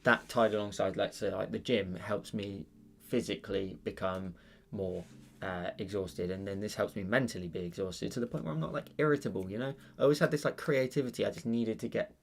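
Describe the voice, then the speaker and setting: A man's voice: fairly low pitch, fairly even intonation, brisk, vocal fry, hardly any pauses. A British man hosting an art channel, chatting casually on a live stream while he draws, rambling with lots of fillers and restarts.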